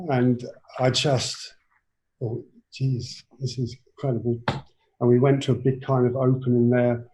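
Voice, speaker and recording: A man in his seventies with an English accent, a guest telling his life story in a rambling, halting way full of restarts. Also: medium pitch, warm tone, low-quality recording. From England. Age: 70s. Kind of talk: personal storytelling in an interview.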